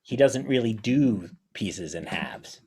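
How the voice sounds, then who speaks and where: A man's voice: fairly low pitch, expressive, takes it slowly, warm tone, a little hiss or hum. A man hosting a casual talk about magic, rambling and chatty as he tells stories. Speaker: host.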